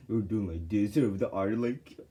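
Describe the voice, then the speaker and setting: A man's voice: fairly low pitch, normal speed, warm tone. A man casually telling a personal story to his viewers, rambling and full of fillers and restarts. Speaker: vlogger.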